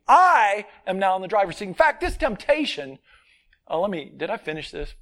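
High, lively-voiced male preacher. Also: moderate pace. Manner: earnest, emphatic, swings from loud stresses to quiet asides. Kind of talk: sermon.

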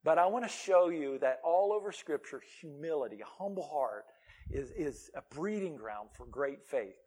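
A male pastor preaching with a high-pitched voice. He is animated and emphatic, breaking off into casual asides to his listeners. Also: moderate pace, breathy edge. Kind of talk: sermon.

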